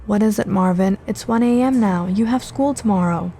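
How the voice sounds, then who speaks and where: Woman as a strict mom in an animated horror story, scolding, plain mid pitch, music bed. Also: normal speed, slight background noise, lightly acted. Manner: scolding, firm. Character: stern, impatient mother. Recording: loud music behind.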